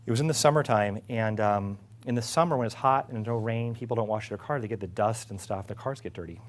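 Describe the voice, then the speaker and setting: A middle-aged man, an executive, telling a casual story about his career. He is lively, laughs often and acts out what others said. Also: on the low side, quick pace. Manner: animated, laughing, acts out quotes. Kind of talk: casual anecdote.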